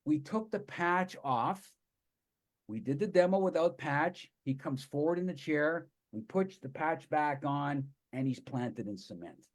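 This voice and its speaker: A man talks to an audience in an enthusiastic, storytelling way. His voice sits a little higher than most men's. He runs through his points with eager energy. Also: expressive, unhurried. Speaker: presenter. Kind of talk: live presentation to an audience.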